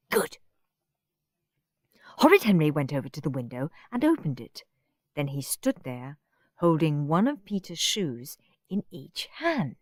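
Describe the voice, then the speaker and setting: Brief: woman storybook narrator, lively pitch, slow deliberate pace, dry close mic. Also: no room sound. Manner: expressive, playful reading to children. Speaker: audiobook narrator.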